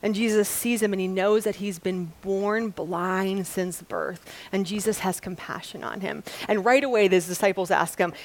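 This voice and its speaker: A young woman from Wisconsin reading scripture and preaching a sermon, earnest and storytelling, slowing down to stress key lines. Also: medium pitch, fairly even intonation. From Wisconsin, USA. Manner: earnest, storytelling, slows for emphasis.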